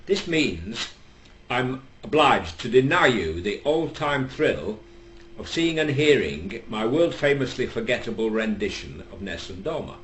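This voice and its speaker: An older man with a Northern English accent telling a long, rambling comic story, deadpan and full of hesitations. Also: lowish voice. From England. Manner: deadpan, digressive, lots of hesitations. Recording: echoey room with faint background hum.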